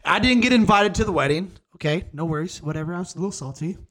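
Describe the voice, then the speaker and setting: A man's voice: sits high, animated, fast talker, a bit bright. A young man hosting a casual podcast, telling crude stories with lots of swearing and laughter. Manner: profane, rambling storyteller, laughs often. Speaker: podcast host. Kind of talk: casual chat.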